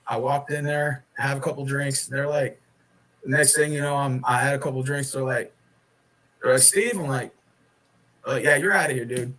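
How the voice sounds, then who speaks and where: A man's voice: medium pitch, level tone, moderate pace, fairly bright tone, low-quality recording. A man casually telling a rambling, profane story about getting thrown out of a bar. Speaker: guest in a clip being reacted to.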